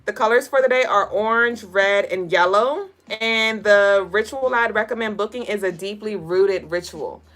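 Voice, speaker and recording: A woman's voice: medium pitch, moderate pace, hardly any pauses, a bit bright. A woman hosting a casual livestream of daily spiritual and tarot readings. She is chatty and profane, laughs often, and reads chat comments aloud.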